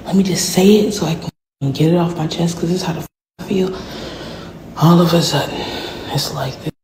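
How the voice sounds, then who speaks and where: A woman ranting candidly about herself, profane and frank, often dropping into soft whispered asides. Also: fairly low pitch, steady tone, quick pace, a little hiss or hum, low-quality recording. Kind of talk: candid personal rant.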